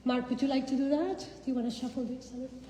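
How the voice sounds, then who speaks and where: A woman poet with a Spanish accent giving a slow, deliberate live poetry reading to an audience, her lines often trailing off softly. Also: sits high, fairly even intonation, slight background noise. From Spain. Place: indoor reading venue with an audience. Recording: echoey hall with long reverb.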